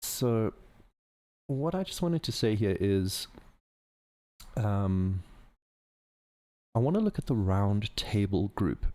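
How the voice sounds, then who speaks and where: A man's voice: fairly low pitch, darkish tone. A man hosting a podcast, talking off the cuff in a rambling way with frequent laughs and self-corrections. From not American. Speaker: podcast host. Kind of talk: off-the-cuff conspiracy podcast monologue.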